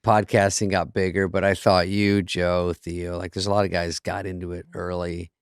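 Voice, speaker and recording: A man's voice: low voice, flat delivery, moderate pace, smooth, no echo. A middle-aged man co-hosting a podcast, telling stories in a dry, wry way with casual swearing. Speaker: podcast co-host. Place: podcast studio.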